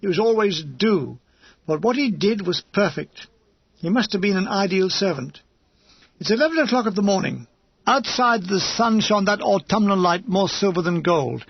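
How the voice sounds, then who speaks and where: A man's voice: sits high, lively intonation, normal speed, gravelly, slightly rough, no echo, highs cut off. A man reading a comic war memoir aloud as an audiobook narrator, with a wry, dryly comic delivery.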